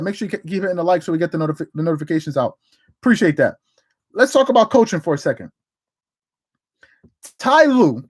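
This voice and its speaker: An animated man hosting a casual sports livestream. He rambles, repeats himself and reads out viewer comments, and his voice leaps up when he gets excited. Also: sits high. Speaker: sports talk livestream host.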